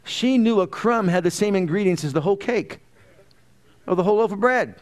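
A man preaching a sermon, animated, often questioning his listeners and acting out the quotes he tells. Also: high voice, brisk.

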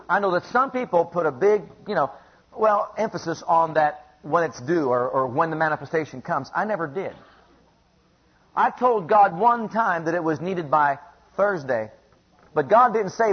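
A man's voice: high voice, lively intonation, normal speed, slightly rough. Male preacher, emphatic sermon delivery with repeated phrases and questions to the congregation, dull lo-fi recording.

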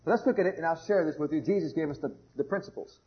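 A man preaching a sermon with fervor, going from loud exclamations down to low murmurs. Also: racing. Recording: muffled lo-fi sermon recording.

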